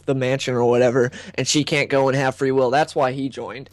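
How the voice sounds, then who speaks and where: A man hosting a casual movie debate. He is opinionated and keeps acting out quoted lines in a higher voice. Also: flat delivery, a little fast, no echo. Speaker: host.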